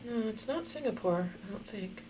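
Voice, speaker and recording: A woman giving casual, chatty commentary while playing a geography guessing game, thinking out loud and laughing often. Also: mid-range voice, expressive, normal speed, background noise. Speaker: game streamer.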